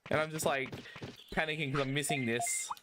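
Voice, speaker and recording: A man, chatting casually while streaming a speedrun, rambling and excitable with lots of swearing and fillers. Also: a little high, brisk. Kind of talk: casual chat while playing. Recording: game music playing behind. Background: video game music.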